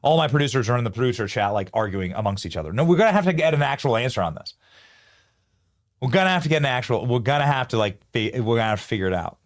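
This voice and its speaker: A man's voice: medium pitch, expressive, quick pace. A man hosting a live political commentary show, riffing animatedly and talking to his producers and chat.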